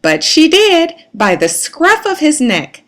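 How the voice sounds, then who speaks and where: A woman reading a picture book aloud to children in an animated, sing-song way. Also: high voice, slow. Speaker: storyteller.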